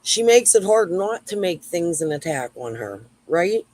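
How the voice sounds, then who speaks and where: A woman's voice: fairly low pitch, sing-song, unhurried, a little mellow, low-quality recording. Profane, rambling woman. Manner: rambling, profane, replying to chat. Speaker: YouTube livestream host. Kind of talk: casual livestream rant.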